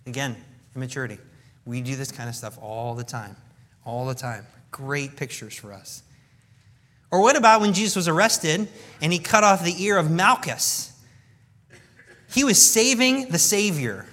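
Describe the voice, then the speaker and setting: A male pastor preaching a sermon in an animated way, acting out dialogue from scripture. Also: a little high, normal speed, pauses often.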